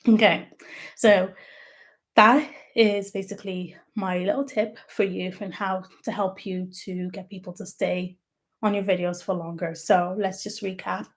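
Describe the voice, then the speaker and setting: A woman's voice: mid-range voice, fairly even intonation, measured pace. A woman who works as a YouTube strategist, giving tips in a chatty, explanatory livestream talk and stressing key words as she goes.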